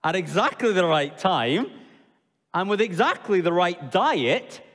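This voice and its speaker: Man, preacher, sermon, high voice, expressive, asks questions, long church reverb. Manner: expressive, questions the congregation, drops low and slow for emphasis. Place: church hall.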